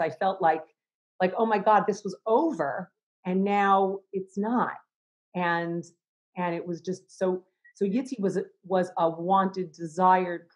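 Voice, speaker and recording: Low-voiced reflective woman speaking. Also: highs cut off. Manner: thoughtful, with many restarts and soft laughs. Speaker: interviewee, educator and chaplain. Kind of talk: reflective conversational interview.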